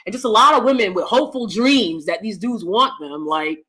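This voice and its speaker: Woman host, live-stream commentary; bright, edgy tone, blunt and profane delivery. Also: mid-range voice, fairly quick.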